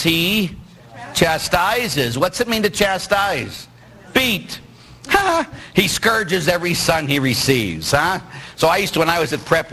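Animated, jokey preaching priest. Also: male voice, medium pitch, slight background noise, poor audio. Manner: animated, jokey preaching with rhetorical questions and acted-out quotes. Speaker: Catholic priest. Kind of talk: sermon.

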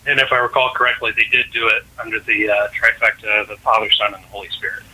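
A man's voice: on the low side, fairly even intonation, quick pace, pushed and bright, husky, poor audio. A man calling in to a radio show, asking his question in a casual, joking, slightly rambling way. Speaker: caller.

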